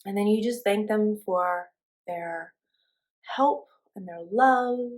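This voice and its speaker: A young woman teaching a spiritual class in a relaxed, chatty way, with many fillers and restarts. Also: mid-range voice, takes it slowly. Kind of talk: casual spoken class.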